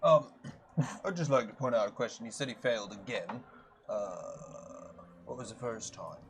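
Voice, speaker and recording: A man at a tabletop game banters in a jokey, wordy way at an everyday pitch. His mic carries a clear layer of background noise. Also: moderate pace. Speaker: player. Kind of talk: casual tabletop game talk. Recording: noisy mic with hum behind.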